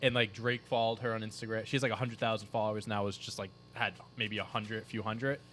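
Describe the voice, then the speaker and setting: Animated Boston man chatting on a podcast. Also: lowish voice, fast, a little hiss or hum. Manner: animated, jokey, rambling. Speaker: podcast co-host. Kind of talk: casual chat.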